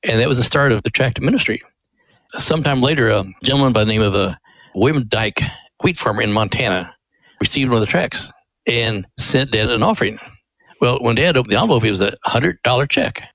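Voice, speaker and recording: A man's voice: medium pitch, expressive, fairly quick, fairly bright tone, dry recording, low-quality recording. A man being interviewed as a ministry director on a radio show, telling a family story in a folksy, earnest way.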